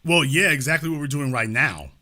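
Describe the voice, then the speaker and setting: A man's voice: on the high side, expressive, a little fast, sharp tone. A man hosting a live call-in talk show, talking casually and repeating his points. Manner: casual, repetitive, restates lines.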